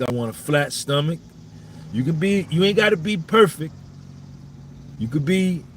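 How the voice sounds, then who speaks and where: A man's voice: on the high side, a little hiss or hum. A man hosting a live podcast, giving a blunt, profane monologue and repeating his points for emphasis. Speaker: podcast host.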